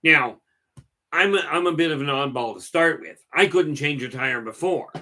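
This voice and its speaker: Here a middle-aged livestream host speaks at a moderate pace with a higher, sharp-toned voice. His casual storytelling wanders in a folksy way, and he frequently says words over again as he goes.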